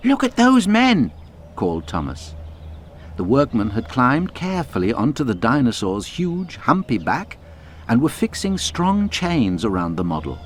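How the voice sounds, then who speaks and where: A man narrating a children's audiobook in a lively, expressive storytelling voice. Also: medium pitch, moderate pace, a little hiss or hum.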